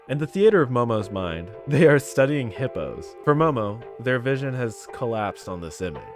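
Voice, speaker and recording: A man reading a story game's text aloud, making joking remarks between the lines. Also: fairly low pitch. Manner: reads narration, breaks into laughs and jokes. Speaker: gamer playing a text game.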